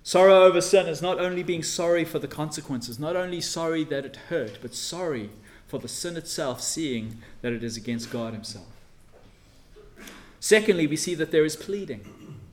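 A man preaching a sermon and reading scripture, earnest, swelling loud on key phrases and dropping soft for emphasis. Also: on the high side, lively intonation, moderate pace.

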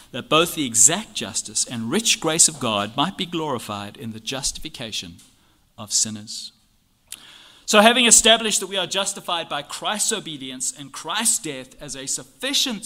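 A bright, forceful male voice leading an expository Bible lesson. He reads passages aloud and drives each point home with a string of earnest rhetorical questions. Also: medium pitch. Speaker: Bible teacher. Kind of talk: expository teaching on a church confession.

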